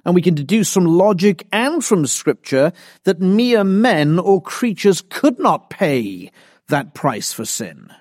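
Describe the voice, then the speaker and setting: A man preaching a sermon in a slow, emphatic, deliberate manner, repeating key phrases for weight. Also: high voice, very animated, a little mellow, no room sound, studio quality. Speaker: pastor.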